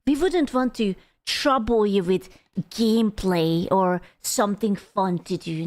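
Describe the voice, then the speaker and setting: A woman's voice: medium pitch, a little slow, dry recording. A woman streaming casually, reacting to a video with sarcastic, giggly mockery.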